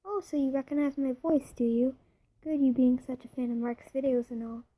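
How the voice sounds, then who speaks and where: A cold male demon who speaks with calm, sarcastic mockery, as a woman reads him out. The voice is high and mellow. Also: moderate pace, low-quality recording. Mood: mocking. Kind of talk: fan fiction reading.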